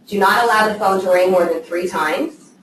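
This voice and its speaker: Speaking at a moderate pace in a mid-range, fairly bright voice, this woman trains a live group of real estate assistants. Her talk is casual and conversational, with frequent "okay?" check-ins, and she sounds far off in an echoey room with slight background noise.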